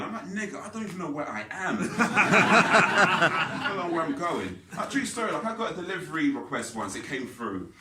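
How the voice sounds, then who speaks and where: A man doing a stand-up comedy set, lively and self-mocking, often laughing at his own jokes. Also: mid-range voice, noisy background. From England. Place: comedy club stage, roomy venue. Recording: echoey club audio from far off.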